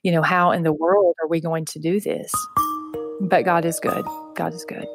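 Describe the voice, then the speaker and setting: A woman from Texas with a Southern US accent earnestly tells her personal story as an interview guest, soft-spoken and saying "you know" a lot. Her voice is deep, steady, and moderately paced, with music in the background.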